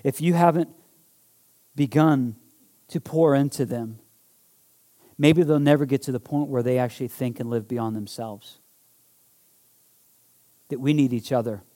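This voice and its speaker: A man's voice: medium pitch, a little slow, pauses often, dark tone. A male pastor preaching a sermon. He builds to fervent, emphatic repetition and leads the congregation in call-and-response.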